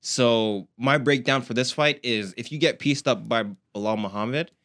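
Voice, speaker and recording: A man co-hosting a sports podcast from a studio, eagerly breaking down fights with slangy enthusiasm and quick laughs. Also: medium pitch, fairly bright tone, dry recording. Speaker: podcast co-host.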